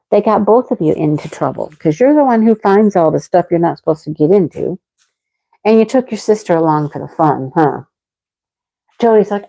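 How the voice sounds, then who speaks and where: A woman's voice: on the low side, lively intonation, moderate pace, vocal fry, dark tone, poor audio. A middle-aged woman hosting a casual livestream, chatting with viewers and talking to her dogs. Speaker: livestream host.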